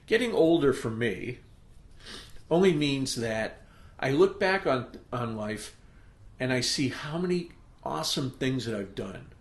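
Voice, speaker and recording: A man's voice: mid-range voice, lively intonation, a little slow. Emphatic motivational man in an echoey room. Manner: emphatic, pep-talk delivery with frequent "okay?" check-ins. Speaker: podcast host. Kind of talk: motivational podcast monologue.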